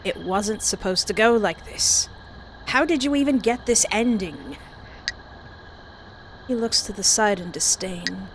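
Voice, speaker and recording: Her mid-range voice moves a little slowly and pauses often as she reads the horror visual novel and comments on it, laughing and reacting with drama. The audio is poor, with constant background hiss.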